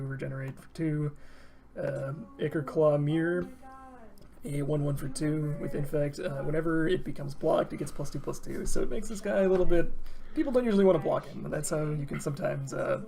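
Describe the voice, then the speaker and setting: A man's voice: a little high, gravelly, darkish tone. A man hosting a casual card-game deck tech, rambling with lots of fillers and laughs.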